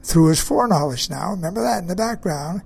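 A man's voice: high voice, animated, fast talker, gravelly, darkish tone, slightly rough. A man preaching a sermon, emphatic, repeating key phrases and putting questions to his listeners.

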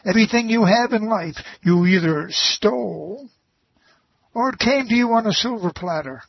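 A man delivers a folksy sermon in a husky, fairly high voice, taking his time with long, drawn-out phrases. He drops homespun asides between points. The sound is dry and a bit muffled. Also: expressive, no room sound. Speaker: preacher.

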